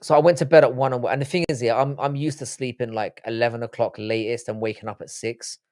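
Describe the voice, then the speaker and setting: Speaking quickly in a medium-pitched, slightly mellow voice with fairly flat intonation, a weary man in his thirties hosts a casual live stream. He swears often, rambles, and restarts his sentences again and again.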